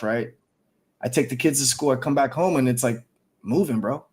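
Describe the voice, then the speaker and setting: A man hosting a casual livestream, talking excitedly and cursing freely. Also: medium pitch, moderate pace, slightly rough. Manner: excited, profane, hyped up. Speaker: stream host.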